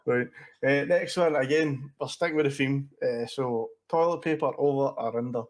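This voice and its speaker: A man co-hosts a casual chat and reads out quickfire questions in an easy, joking way. His pitch is middling and his tone is relaxed. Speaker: co-host.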